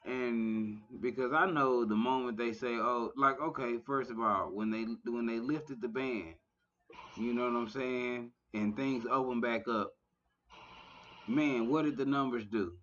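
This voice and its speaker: A man's voice: mid-range voice, unhurried, fairly bright tone. A man in his thirties in casual conversation as a podcast host, talking loosely with many filler phrases. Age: 30s. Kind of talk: casual chat. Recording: dull lo-fi audio.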